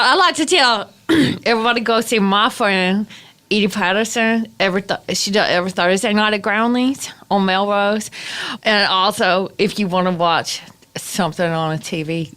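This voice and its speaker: A woman's voice: medium pitch, moderate pace, a bit bright. A woman appearing as a comedy podcast guest, talking in a loose, irreverent, jokey way. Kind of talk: casual comedic chat.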